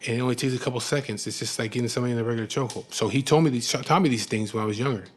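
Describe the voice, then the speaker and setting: A man frankly telling the story of his own past, in rough, profane speech full of "you know what I mean". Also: mid-range voice, racing. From California. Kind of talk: candid personal storytelling.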